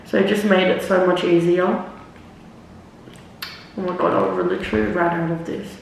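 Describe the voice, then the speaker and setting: Rambling young woman with vocal fry. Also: lowish voice, steady tone, moderate pace, a little hiss or hum. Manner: rambling, swears freely, many "like"s and "literally"s. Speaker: vlogger. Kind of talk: casual storytime while doing makeup. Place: echoey room, talking away from the camera. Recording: roomy echo, mic at a distance.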